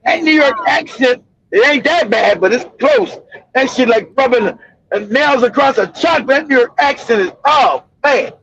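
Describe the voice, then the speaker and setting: High-pitched guy cracking up and cussing, aave, kinda dull lo-fi sound. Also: lively intonation, normal speed, breathy edge, no echo. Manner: loud, laughing, swearing storyteller. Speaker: livestream host. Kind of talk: casual profane commentary.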